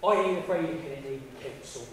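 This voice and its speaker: A man's voice: on the high side, fast, natural voice. A young man playing a defiant old rogue. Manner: gruff, defiant, blunt. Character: swaggering older male Wiltshire rogue. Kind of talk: student stage play. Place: college theatre stage. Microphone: far camera. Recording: echoey hall from far off.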